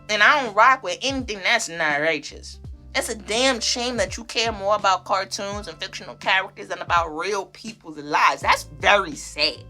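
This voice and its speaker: Bright-voiced fiery woman podcaster. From half Belizean family. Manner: animated, emphatic, profane, swings from loud to low. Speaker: podcast host. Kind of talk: heated solo podcast rant.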